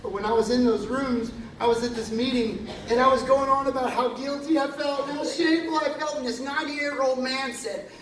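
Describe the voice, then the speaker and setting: A singer telling a profane, animated story between songs on a concert stage, in an echoey live hall recorded from far off. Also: male voice, very high-pitched, a little fast, hardly any pauses, a little hiss or hum.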